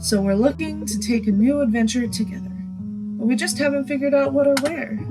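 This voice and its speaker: A woman's voice: fairly high pitch, natural voice, rough recording. A woman voicing an older rancher woman who talks in a homespun way, full of folksy sayings.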